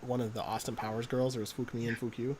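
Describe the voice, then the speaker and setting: Young man, podcast co-host, teasing casual chat, medium pitch. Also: little pitch movement, a crowd in the background. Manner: teasing, quick to laugh.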